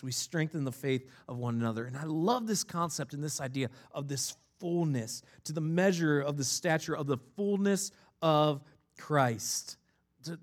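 A man with a notably high voice preaches a sermon. His delivery is conversational and easygoing, and he slips from scripture into personal stories and light, self-mocking humor. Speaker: pastor.

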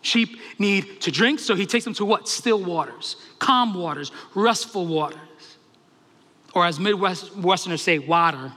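Man, pastor, impassioned sermon, high bright voice, long hall reverb. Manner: impassioned, asks rapid rhetorical questions.

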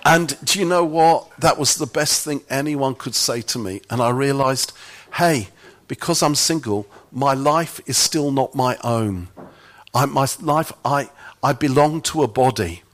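A man's voice: mid-range voice, a little slow, a bit bright. A middle-aged man giving a sermon-style talk, telling humorous, self-mocking anecdotes. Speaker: church speaker.

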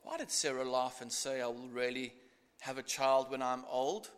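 A man voicing a calm, kind male deity who speaks softly and low to reassure. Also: moderate pace, smooth, lightly acted. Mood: gentle. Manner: soft, low and gentle. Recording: echoey hall.

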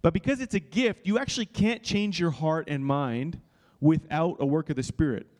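A man preaches through a personal story in an earnest, confessional way. His voice sits a touch higher than most men's. He keeps restarting phrases and stopping to check that his listeners follow. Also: normal speed, darkish tone. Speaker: pastor. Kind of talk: sermon-style teaching with personal story.

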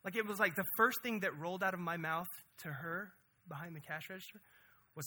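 A man preaching a conversational, energetic sermon as pastor, often asking "right?". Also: sits high, a little fast.

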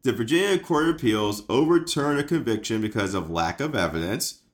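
A man's voice: mid-range voice, expressive, brisk. A man hosting a comedy sports podcast, ranting in a mock-hyped, swearing way. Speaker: podcast host.

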